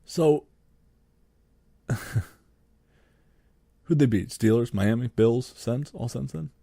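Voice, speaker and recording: A man's voice: mid-range voice, slow, creaky, mellow, dry recording, studio quality. A young man, co-hosting a podcast and ranting sarcastically about sports, swearing freely. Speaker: podcast co-host. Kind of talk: solo sports podcast rant.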